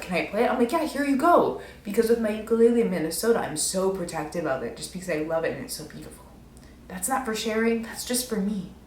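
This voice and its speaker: Rambling young woman vlogger, echoey room. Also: lowish voice. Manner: rambling, self-mocking, many "like"s. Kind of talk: casual storytelling.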